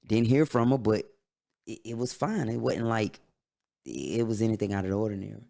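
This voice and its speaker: Gravelly-voiced man telling a personal story. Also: on the low side, mellow. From Atlanta, USA. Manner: candid, halting, emotional retelling. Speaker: podcast host.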